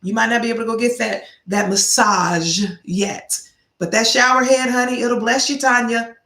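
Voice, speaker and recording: A woman's voice: on the high side, fairly even intonation, normal speed, bright, forceful tone. A middle-aged woman giving casual motivational advice to her viewers, telling stories and repeating key phrases like a preacher. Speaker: vlog host giving life advice. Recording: roomy echo.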